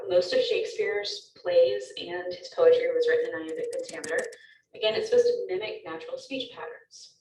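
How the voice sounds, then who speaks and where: A woman's voice: lowish voice, roomy sound, distant mic, slight background noise, rough recording. A woman teacher giving a recorded lecture, explaining step by step with frequent ums.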